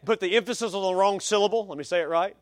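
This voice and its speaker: Guy preaching, high voice, punchy emphatic delivery, dry close sound. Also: racing, dry recording. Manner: emphatic, varies pace for stress, folksy asides. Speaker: pastor. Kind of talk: sermon.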